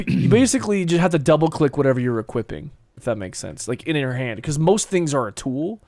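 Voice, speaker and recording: A man's voice: on the high side, big pitch swings, a little fast, a little mellow. A man streaming a game with a friend, chatting casually and patiently explaining the controls. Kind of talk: casual gaming chat.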